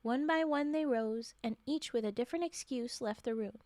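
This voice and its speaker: High-voiced woman reading stories on stream. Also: moderate pace, warm tone, no echo. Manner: reads aloud, breaks off for joking commentary. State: voice straining, short of breath. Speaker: storyteller streamer. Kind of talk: livestream story reading with chat asides.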